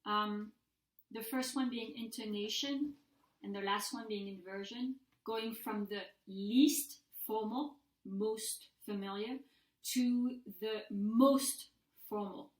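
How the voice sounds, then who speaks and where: A woman's voice: mid-range voice, slow. A woman, a language instructor, recording a mini-lecture and patiently modeling example sentences aloud. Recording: echoey room.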